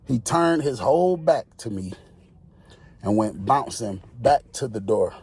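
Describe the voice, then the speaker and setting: Husky man telling a lively story. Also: medium pitch, a little slow. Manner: animated, slangy, acts out quotes. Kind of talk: casual prison story.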